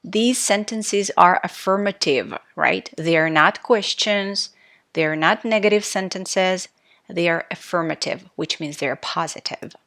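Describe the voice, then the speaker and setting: A woman teaching a recorded English grammar lesson, speaking clearly and stressing key words in her example sentences. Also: on the low side, a little slow, a bit bright.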